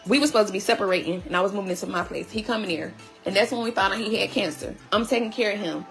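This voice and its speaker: A woman's voice: medium pitch, racing, gravelly, faint music behind. A woman telling her story to viewers in a heated, blunt and profane way, casually addressing them directly. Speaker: vlogger recapping her relationship.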